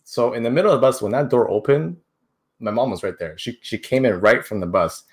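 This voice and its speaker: A man's voice: medium pitch, fairly quick. A young man, an interview guest, telling a personal story in casual talk, with many restarts and repeated words.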